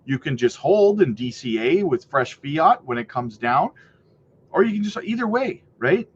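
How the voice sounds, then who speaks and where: A man's voice: on the high side, very animated, moderate pace. A man hosting a casual livestream, reading viewer comments aloud in an upbeat, hyped way, full of "you know" and "right". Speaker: crypto livestream host. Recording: slightly muffled with faint noise.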